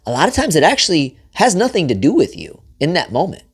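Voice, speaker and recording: A man's voice: fairly high pitch, huge pitch swings, quick pace, husky. A man giving a blunt, profanity-laced talk as a marriage coach, speaking straight to other men and constantly checking in with "right?". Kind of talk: motivational advice talk to camera.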